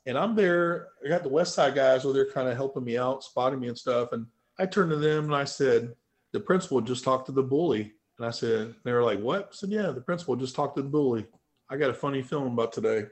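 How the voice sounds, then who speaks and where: A man in a casual podcast chat, a powerlifter retelling his story in a mid-pitched voice. He talks in an animated, profane way, and his voice jumps loud and high whenever he quotes himself. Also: quick pace. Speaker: powerlifter guest.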